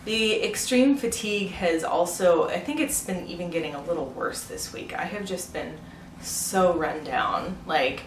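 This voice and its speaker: A young woman talks casually to the camera, laughing often and scattering "like" and "um" through her speech. Her voice sits a little low, and it carries an echoey room sound with faint background noise. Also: animated, measured pace, distant mic. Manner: chatty, laughs often, many fillers like "like" and "um". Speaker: pregnancy vlogger. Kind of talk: casual chatty vlog.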